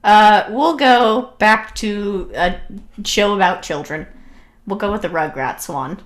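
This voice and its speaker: A woman co-hosting a casual chat, easygoing and often laughing, reading a theory aloud at a steady clip. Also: medium pitch, takes it slowly. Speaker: podcast co-host.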